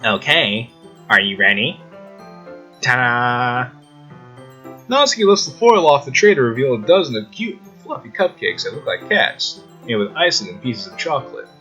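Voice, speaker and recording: A man playing a story game, reading its text aloud and reacting with excited exclamations and frequent laughs. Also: medium pitch, brisk, hardly any pauses, faint music behind, low-quality recording. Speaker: gaming YouTuber.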